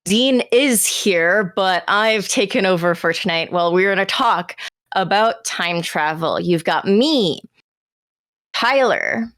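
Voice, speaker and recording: A woman's voice: medium pitch, animated, slow, a bit bright. A young woman hosting a podcast, reading a formal opening and then chatting lightly with her guests. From Canada. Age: young adult. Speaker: podcast host. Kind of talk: podcast chat with scripted opening.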